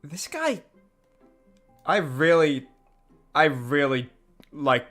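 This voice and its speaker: A man's voice: medium pitch, lively intonation, unhurried, a bit bright, faint music behind. A man streaming a dating game, reacting with exasperated, sarcastic commentary and laughing asides.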